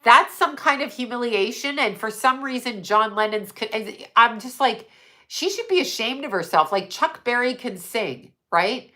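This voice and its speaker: Bright-voiced, rambling middle-aged woman. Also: fairly high pitch, lively intonation, normal speed. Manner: rambling, profane, laughs often. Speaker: livestream host. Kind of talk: casual livestream monologue.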